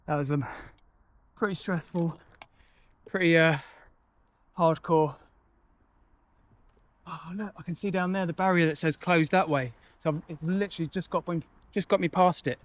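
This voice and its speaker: A man's voice: fairly high pitch, no echo. A man chatting to himself and his camera while cycling outdoors, sometimes out of breath, with a casual and cheerful way of talking. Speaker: cycling vlogger. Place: outdoors on a bike route. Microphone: camera mic. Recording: faint outdoor noise.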